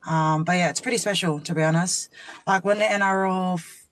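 A woman's voice: on the low side, fairly even intonation, brisk. A woman, a rugby league player, chatting as a guest and animatedly acting out quotes as she tells a story. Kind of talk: casual chat interview.

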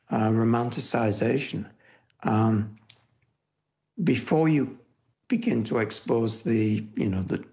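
An older historian is a guest in a conversational interview, speaking thoughtfully, often restarting phrases and dropping in "you know." His medium-pitched voice is gravelly and a little mellow.

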